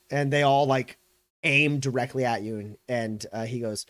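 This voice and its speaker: A man narrating a tabletop game as game master, in a loose, halting way with many fillers. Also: medium pitch, fairly even intonation, fairly bright tone, no room sound, studio quality.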